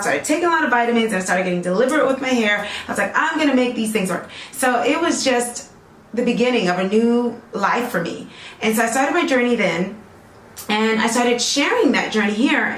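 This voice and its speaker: A natural hair vlogger who sells her own products chats casually and rambles in a friendly video, talking straight to her viewers and checking in with lots of "okay?" Her mid-range voice has a fairly bright tone, and the sound is roomy.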